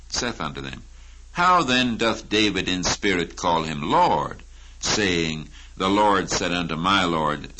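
A man with a very low voice preaching a sermon, his tone bright and forceful. He teaches slowly through a Bible passage and presses his questions home with emphasis. A faint hiss sits under the recording. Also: rough recording.

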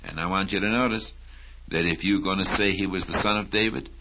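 A man preaching a sermon, teaching slowly from a Bible passage and rising to emphatic questions. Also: deep voice, steady tone, noisy background.

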